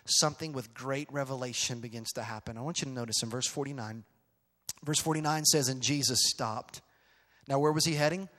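A middle-aged male pastor telling a story in a sermon, swinging from quiet asides to loud, emphatic outbursts. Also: mid-range voice. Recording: long reverb of a large hall.

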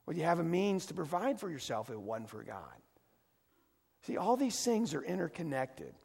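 A man preaches a sermon in a folksy manner that swells into emphatic calls. His voice is gravelly and a little husky, set slightly high for a man. A long reverb from the sanctuary trails each phrase. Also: huge pitch swings, moderate pace, darkish tone. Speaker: pastor.

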